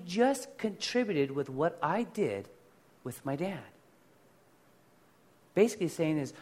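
A pastor telling personal stories in a conversational sermon, swinging between loud bursts and quiet asides. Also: male voice, fairly high pitch, big pitch swings, slow, pauses often.

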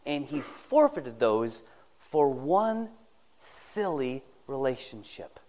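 Man, preacher, sermon, folksy storytelling, conversational, mid pitch. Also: big pitch swings, slow, a little mellow. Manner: folksy storytelling, acting out the characters' lines.

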